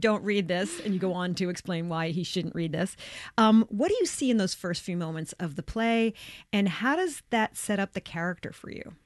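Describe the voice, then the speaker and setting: A woman's voice: mid-range voice, dry recording. Woman hosting a dry, close arts interview. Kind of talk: arts interview with scripted intro.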